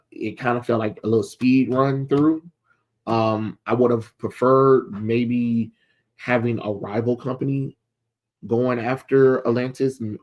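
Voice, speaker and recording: A man's voice: medium pitch, darkish tone, lo-fi sound. A man casually retelling a comic book's plot and reviewing it, quoting the characters loosely with lots of fillers.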